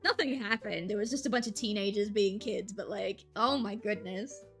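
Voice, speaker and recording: A woman's voice: medium pitch, moderate pace, faint music behind. A woman in her twenties, a streamer, casually telling a story while drawing, laughing often and slipping into quoted voices.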